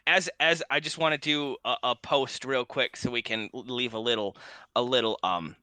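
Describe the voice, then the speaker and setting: A man's voice: medium pitch, normal speed, bright, forceful tone. A man chatting casually on a podcast, laughing often and swearing freely. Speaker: podcast co-host. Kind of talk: casual chat.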